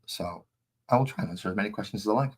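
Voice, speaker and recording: A man's voice: on the low side, rapid-fire, slightly rough. A man casually chatting on a live stream while painting models, rambling and easily distracted.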